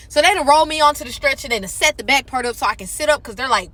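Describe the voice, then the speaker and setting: A woman's voice: sits high, very animated, racing, few pauses, pushed and bright, dry recording. A woman in casual storytime narration, acting out the voices in her story.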